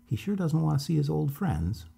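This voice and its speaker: A man voicing a bold young woman who talks in a loud, teasing way. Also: fairly high pitch, very animated, normal speed, vocal fry, slightly rough, pitched above the performer's own voice, full character voice.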